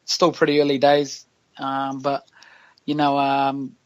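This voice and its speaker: A man's voice: medium pitch, monotone, slow, lo-fi sound. A man with a New Zealand accent, a podcast guest telling stories in casual, slangy chat and laughing often. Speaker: guest, professional rugby player.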